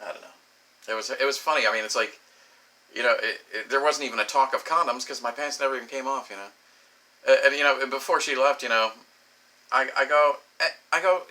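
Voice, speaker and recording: A man's voice: medium pitch, quick pace, bright, forceful tone, poor audio. A young man telling a story casually on his vlog, acting out both sides of the dialogue. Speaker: vlogger.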